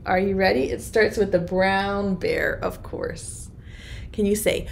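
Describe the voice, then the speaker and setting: A woman's voice: mid-range voice, lively intonation, unhurried, creaky. A woman, a preschool teacher, leading an online circle time and reading a rhyming picture book to small children in a sing-song voice.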